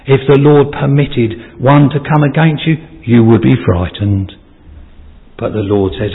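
A man preaching a sermon, rising to high emphatic peaks and dropping soft, halting with restarts and pauses. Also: vocal fry. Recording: tinny lo-fi sermon recording in a hall.

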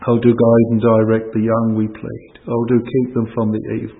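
A man's voice: mid-range voice, monotone, moderate pace, creaky. A man leading a church prayer in a solemn, pleading tone, using old-fashioned thee and thou wording. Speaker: prayer leader at a church service. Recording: tinny phone-line sound with long hall reverb.

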